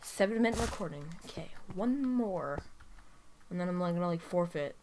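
A woman commentating her own gameplay, excitable and rambling, with sudden bursts of yelling into a desk microphone. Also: fairly low pitch, moderate pace, background noise. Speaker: gaming video creator. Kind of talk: live game commentary.

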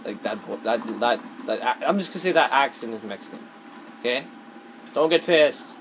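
Over loud gunfire and game audio, a mid-range, animated gamer speaks at normal speed. He rambles self-consciously through his let's-play commentary, cursing frequently.

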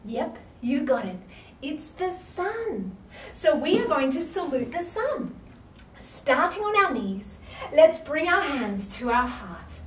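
A very high, bouncy voice with lots of rise and fall belongs to a woman guiding young children through yoga. She speaks slowly and warmly encouraging, with playful animal noises. The sound is roomy and picked up from some distance. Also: sing-song, slight background noise. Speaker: kids' yoga teacher.

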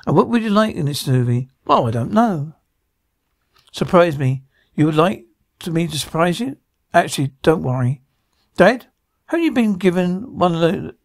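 A man's voice: a little high, lively intonation, measured pace, no echo, clean studio sound. A man reading every part of a drama aloud, sound cues included, with slips and restarts. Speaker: radio show reader voicing a TV drama.

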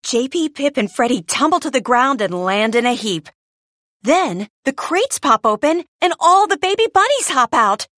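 A woman reading a children's storybook aloud in an expressive way. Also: sits high, moderate pace, no room sound, studio quality. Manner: lively, expressive. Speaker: storybook reader.

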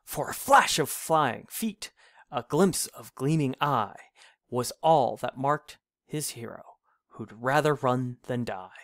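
Slow sing-song male storyteller. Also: medium pitch, lively intonation, fairly bright tone, dry recording, clean studio sound. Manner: measured, sing-song rhyming delivery. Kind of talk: reading an old rhyming storybook aloud.

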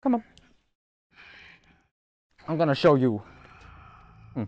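Excitable British man yelling at game enemies. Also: medium pitch, slow, pauses often. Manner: excitable, joking, shouts and laughs at game enemies. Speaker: gaming YouTuber. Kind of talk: playing a VR game with commentary.

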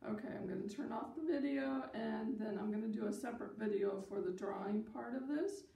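A woman teacher reading a children's picture book aloud, expressive and asking her listeners questions along the way. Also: fairly high pitch, fairly quick, creaky. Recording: echoey room, distant mic, faint hiss.

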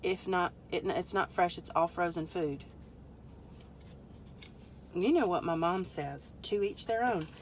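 A woman's voice: lowish voice, measured pace, long pauses, a little hiss or hum. A woman hosting a casual product-testing live stream from a parked car, rambling through joking asides to her viewers and muttering under her breath as she fiddles with the product. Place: parked car in a store parking lot.

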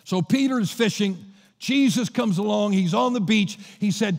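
High-voiced, gravelly preaching man. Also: moderate pace, a little mellow. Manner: storytelling preacher retelling Bible scenes. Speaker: pastor. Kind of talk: sermon. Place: church sanctuary. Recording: long reverb of a church hall.

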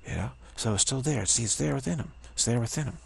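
A man's voice: medium pitch, fast talker, vocal fry, breathy edge. A man telling a spiritual story in a rambling way, repeating himself and restarting often, with a sore throat. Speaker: spiritual teacher. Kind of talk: casual spoken reflection.

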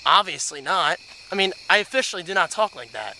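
A man's voice: high voice, lively intonation, a little fast, bright, forceful tone, slight background noise, rough recording. A man hosting a casual geocaching vlog at night in the woods, playful and easily amused, filming on a handheld camera. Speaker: vlogger host. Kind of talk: casual chat while geocaching.

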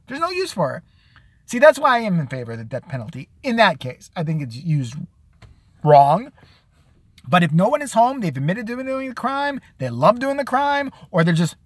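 A foul-mouthed man rants through a comedic monologue, his pitch swinging up and down as he sneers and mocks. He is close to a dry microphone with no room sound at all. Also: a bit bright, dry recording. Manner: crude, sarcastic, mocking impressions. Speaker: show host. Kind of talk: profane comedic rant.

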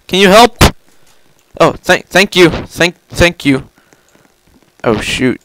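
A young man giving casual gameplay commentary, excitable, yelping and repeating himself. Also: sits high, takes it slowly, pauses often, slight background noise. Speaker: gameplay video host.

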